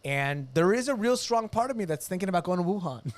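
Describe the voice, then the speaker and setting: A man with a somewhat high voice, trading sarcastic jokes on a comedy podcast. He riffs quickly and breaks into mock-angry rants, speaking close to a studio microphone. He is from the United States. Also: expressive. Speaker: podcast co-host. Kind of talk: casual comedic podcast banter.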